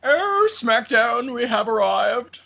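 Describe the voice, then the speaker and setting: A man's voice: extremely high pitch, very animated, takes it slowly, creaky, pushed and bright, dull audio, exaggerated voice. A man doing a theatrical proud woman. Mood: dramatic. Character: dramatic proud woman wrestler leader.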